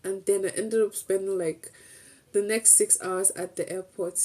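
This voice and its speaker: A woman's voice: medium pitch, steady tone, normal speed, mellow. A young woman streamer chatting casually as she recaps a trip, rambling through restarts and acting out bits of dialogue.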